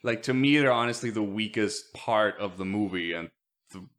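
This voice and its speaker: A man with a fairly low voice talks casually on a podcast about a film. He rambles through strong opinions, padding his sentences with filler words. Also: moderate pace, fairly bright tone. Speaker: podcast co-host. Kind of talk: casual movie-discussion chat.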